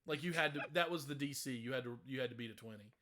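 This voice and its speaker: A man's voice: mid-range voice, racing, sharp tone. A man narrating as game master of a tabletop game, chatty and rambling with many fillers.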